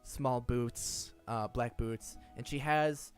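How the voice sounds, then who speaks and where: A man running a tabletop game as game master, describing scenes in a rambling, halting way with many restarts. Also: medium pitch, steady tone, faint music behind.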